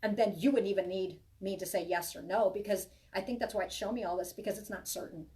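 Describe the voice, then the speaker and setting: A woman's voice: mid-range voice, fast talker, darkish tone, far from the mic. A woman giving a live tarot reading to viewers, chatty and reassuring, rambling with many restarts. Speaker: tarot reader.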